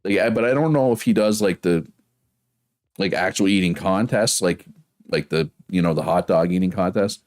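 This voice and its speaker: A man's voice: deep voice, normal speed, a little mellow. A man from Prince Edward Island with a local accent, chatting casually and rambling while streaming a game and reading chat. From Prince Edward Island, Canada.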